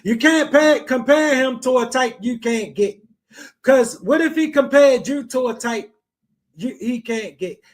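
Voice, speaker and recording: Male podcast host, very high-pitched, blunt and repetitive. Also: expressive, unhurried. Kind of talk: blunt advice talk.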